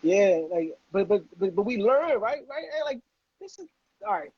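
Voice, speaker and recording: Male host, high husky voice, animated slangy rambler, dry lo-fi audio. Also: normal speed, no room sound. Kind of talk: casual chat.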